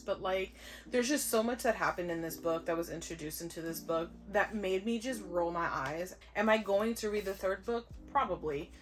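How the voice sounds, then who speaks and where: A young woman talks through her reading in a relaxed vlog, her voice sitting low. She is blunt and sarcastic, and she swears freely. Soft music plays faintly behind her. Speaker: book vlogger. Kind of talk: casual book review chat.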